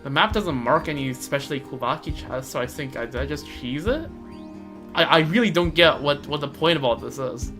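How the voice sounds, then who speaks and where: A man's voice: a little high, animated, a little fast, fairly bright tone, soft background music. Stammering young man doing game commentary. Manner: rambling, stammers and repeats words. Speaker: streamer playing a game. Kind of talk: casual gameplay commentary.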